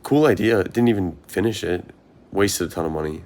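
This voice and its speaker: A young marathon runner speaks in a deep, slightly mellow voice at a moderate pace. His vlog monologue is earnest and rambling as he talks through his thoughts, often posing questions to himself.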